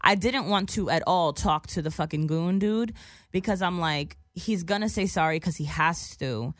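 A young woman casually telling a story in a profane, animated way, acting out other people's lines as she goes. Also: lowish voice, moderate pace, no room sound, studio quality.

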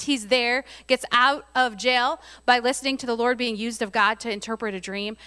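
A woman's voice: on the high side, pushed and bright, clean tone. A woman preaching a casual, conversational sermon, often laughing and reading scripture aloud.

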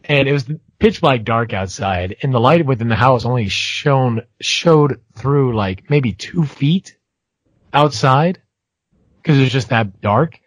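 A man's voice: mid-range voice, expressive, slow pace, dry recording. A young man co-hosting a casual podcast, telling a story hesitantly, with many ums and restarts and a self-mocking tone. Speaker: podcast co-host.

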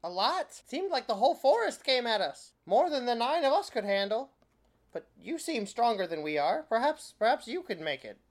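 A curt, suspicious vineyard owner in a leather cloak, voiced by a man running the game. He snaps back short defensive questions in a pitch lifted above the speaker's usual voice, sounding agitated throughout. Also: sing-song, normal speed.

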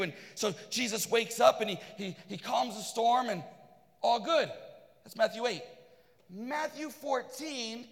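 A man preaching a sermon, fervent and repetitive, at times shouting. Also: extremely high pitch, a little slow, vocal fry, big-room sound. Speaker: pastor.

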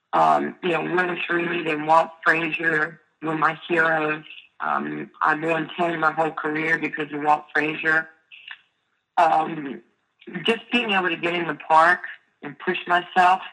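Bright-voiced New woman storyteller. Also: sits low, measured pace, slight background noise, poor audio. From New York City. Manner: lively storyteller who acts out the voices in her stories. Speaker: guest. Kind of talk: storytelling interview.

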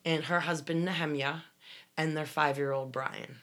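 A woman's voice: low voice, steady tone, normal speed, a bit bright. A woman, casually recounting her time in a commune, rambling with restarts. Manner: rambling, many restarts, laughs while telling. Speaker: guest recounting life in a commune. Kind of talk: casual conversational storytelling.

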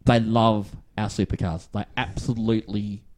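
Aussie bloke on a podcast rambling car stories, mellow laid-back voice. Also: male voice, on the low side, moderate pace, slight background noise. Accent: Australian. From Western Australia. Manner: rambling, animated anecdotes with acted-out quotes. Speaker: podcast co-host. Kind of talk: casual storytelling chat.

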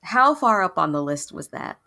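Podcast co-host lady, lowish voice that jumps around, quick questions. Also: big pitch swings, creaky, bright, forceful tone. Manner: short questions and reactions. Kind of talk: casual chat.

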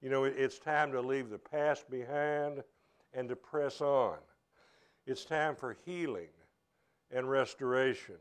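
A man preaching a sermon to his church, earnest and halting, often restarting his phrases. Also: medium pitch, clear, resonant tone. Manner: earnest, halting, with many repeated starts. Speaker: pastor.

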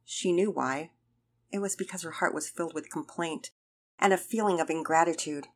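A woman narrating a children's story aloud in an expressive, measured way. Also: deep voice, slight background noise.

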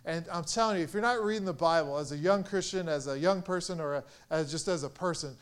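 A man's voice: a little high, smooth. A young man preaching a sermon as pastor, earnest and rising in force on key points.

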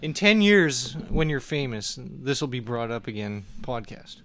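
A man joking on a comedy podcast, throwing in quick profane quips and laughing often. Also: medium pitch, very animated, fairly bright tone. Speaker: podcast co-host. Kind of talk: casual comedy podcast banter.

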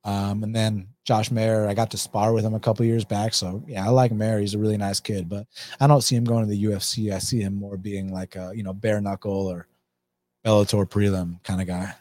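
Laid-back man reading chat aloud, low voice. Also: flat delivery, brisk, warm tone. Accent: Atlanta, Southern US. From United States. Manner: laid-back, swears, laughs often, reads comments aloud. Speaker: livestream host reading chat. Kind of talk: casual chat.

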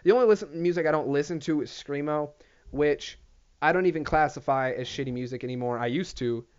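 A man's voice: a little high, fairly quick, a little mellow, clean tone. A young man hosting his own show in a profane, rambling, self-deprecating solo rant. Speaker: podcast host. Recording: dull lo-fi recording.

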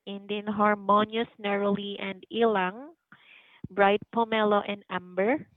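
A woman's voice: mid-range voice, little pitch movement, a little slow, no echo. Polite woman agent on a tinny phone line. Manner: polite, hesitant, lots of ums. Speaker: customer service agent. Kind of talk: phone customer service.

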